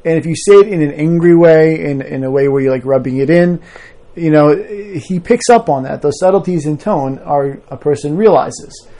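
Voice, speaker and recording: Guy with a fairly high voice giving a torah class, chatty, keeps checking in with "right?". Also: moderate pace, warm tone. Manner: explains patiently, often checking in with "right?" and "you know?". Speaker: Torah teacher.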